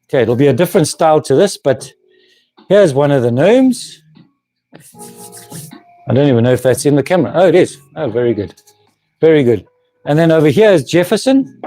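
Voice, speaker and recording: Chatty man, mellow voice. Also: a little high. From South Africa. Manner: chatty, laughs often, frequent restarts. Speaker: woodworking channel host. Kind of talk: casual live-stream chat. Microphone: camera mic, moving handheld camera.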